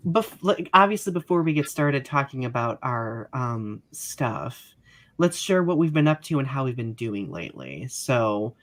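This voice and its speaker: A man's voice: medium pitch, fairly bright tone. A man hosting a casual podcast over a video call, chatty, laughing often and trailing off mid-sentence. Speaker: podcast host. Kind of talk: casual chat.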